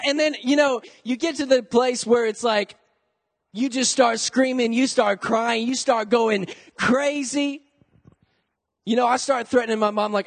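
Young male youth pastor, high voice with a gravelly edge, energetic, joking sermon. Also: moderate pace, long reverb tail.

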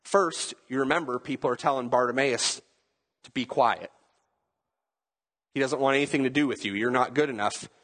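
Male preacher, chatty sermon delivery, slightly raspy, long hall echo. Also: mid-range voice, normal speed, long pauses, fairly bright tone. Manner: conversational, asks the listeners questions, acts out quotes.

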